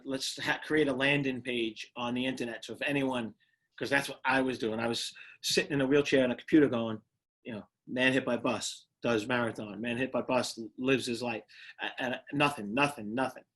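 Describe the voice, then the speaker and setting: A man's voice: mid-range voice, a bit bright. A middle-aged man with a New York accent, a guest in an interview, telling his story in a casual way, often repeating words and restarting as he goes. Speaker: guest, retired firefighter and motivational speaker.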